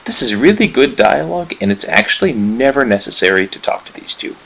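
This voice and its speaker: A man giving relaxed, chatty commentary on a game he plays for viewers, fond of its writing. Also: medium pitch, a little fast, creaky, slightly rough. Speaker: let's player. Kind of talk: gameplay commentary.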